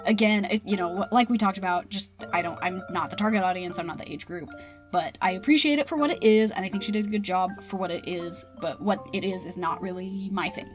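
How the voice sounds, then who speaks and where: A woman co-hosting a casual book club podcast, chatty and hedging, quick to play down her own opinions. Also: medium pitch, soft background music. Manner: lively, hedging, self-deprecating. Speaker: podcast co-host.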